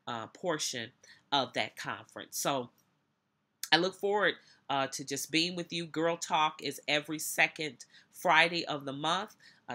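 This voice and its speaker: A middle-aged woman minister delivers an impassioned preaching commentary. Her bright, forceful voice presses listeners with pointed rhetorical questions. She talks like a host addressing her own audience. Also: deep voice.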